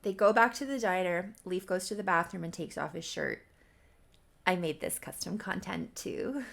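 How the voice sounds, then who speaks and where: A woman's voice: lowish voice, normal speed, gravelly, fairly bright tone. A woman casually recapping a soap-opera story she made, with chatty, self-deprecating asides. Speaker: creator recapping her own game story.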